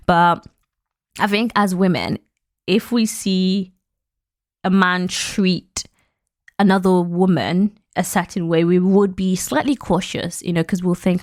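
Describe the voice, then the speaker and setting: A woman's voice: lowish voice, measured pace, a little mellow, dry recording, studio quality. A young woman hosting a podcast, giving frank, opinionated commentary in a chatty way, laughing often and using lots of fillers. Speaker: podcast host.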